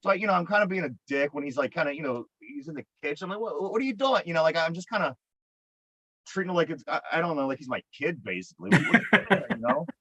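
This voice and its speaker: A man's voice: a little high, expressive, quick pace, fairly bright tone, breathy edge, no echo. A man with a Pittsburgh accent co-hosting a podcast, telling a long story in a profane, exasperated, rambling way. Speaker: podcast co-host. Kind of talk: casual storytelling. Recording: dry, dull lo-fi podcast mic.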